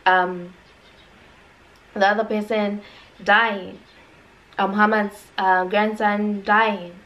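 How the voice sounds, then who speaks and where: A woman hosting a reaction video, sharing her thoughts in a relaxed, reflective way. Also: mid-range voice, poor audio. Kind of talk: casual commentary to camera.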